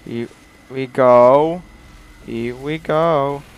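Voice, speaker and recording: A man giving excited gameplay commentary as a streamer, exclaiming and reacting loudly, in broken non-native English. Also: mid-range voice, extremely slow, clear, resonant tone, dull audio. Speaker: game streamer.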